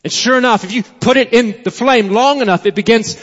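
A pastor preaching a sermon, emphatic and repetitive, then dropping to a quiet storytelling tone. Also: male voice, very high voice, brisk. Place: church sanctuary. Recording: long church reverb, dull sound.

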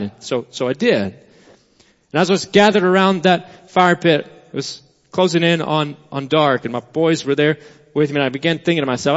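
A pastor preaching a sermon, emphatic and repetitive, then dropping to a quiet storytelling tone. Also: male voice, medium pitch. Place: church sanctuary. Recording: long church reverb, dull sound.

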